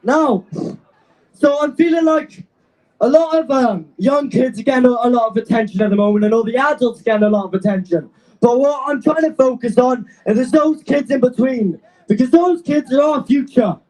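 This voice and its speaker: A young man, a student activist, giving an impassioned, defiant speech to an outdoor rally, shouting and out of breath. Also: very high-pitched, moderate pace, low-quality recording. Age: young adult.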